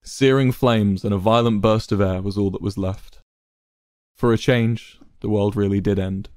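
A man reading a story aloud in a measured, steady narration. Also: lowish voice, no room sound, clean studio sound.

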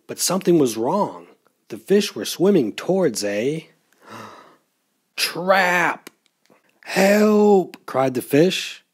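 A man reading a children's picture book aloud at a library storytime, in an expressive, playful storyteller voice. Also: mid-range voice, slightly rough.

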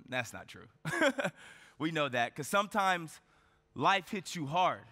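A man's voice: on the high side, lively intonation, normal speed, sharp tone. A man giving a motivational keynote speech on stage, telling a personal story with rhetorical questions and frequent checks of "right?". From United States. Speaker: keynote speaker. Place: large event hall on stage. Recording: reverberant conference hall.

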